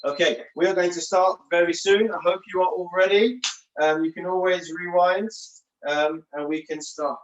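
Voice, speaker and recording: Heard through a distant, echoey lo-fi room microphone, a woman with a fairly low, steady voice at normal speed runs a live home fitness class for kids. She calls out the moves with cheerful encouragement.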